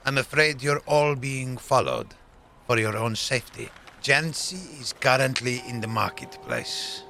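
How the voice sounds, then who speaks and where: A man voicing a stern, authoritative court astronomer who speaks in a measured, commanding way. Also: medium pitch, animated, vocal fry, sharp tone, slight background noise, full character voice.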